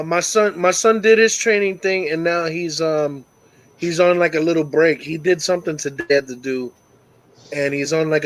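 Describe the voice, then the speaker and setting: A middle-aged man hosting a call-in talk show, telling stories in a casual, profane and animated way. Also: fairly high pitch, poor audio. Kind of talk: casual storytelling chat.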